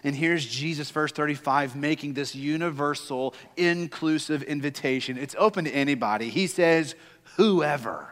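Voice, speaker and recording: Preacher with a ringing hall echo. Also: male voice, on the high side, animated, measured pace. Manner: preaching, building to emphatic, fervent delivery. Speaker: senior pastor. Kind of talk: sermon. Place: church sanctuary. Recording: long reverb of a church hall.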